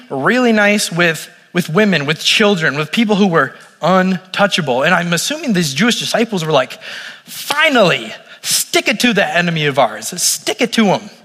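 Bright high-voiced man preaching casually. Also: big-room sound. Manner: casual, conversational preaching with acted quotes. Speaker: pastor. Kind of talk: sermon. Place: room with audience.

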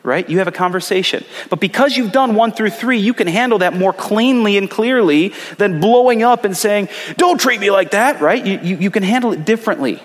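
High-voiced pastor preaching in a reverberant hall. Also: male voice, fairly quick, hardly any pauses. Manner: earnest, conversational, repeats short phrases for emphasis. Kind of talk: sermon.

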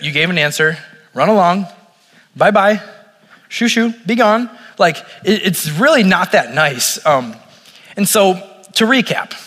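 Bright high-voiced man preaching casually. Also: big-room sound. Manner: casual, conversational preaching with acted quotes. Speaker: pastor. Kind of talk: sermon. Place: room with audience.

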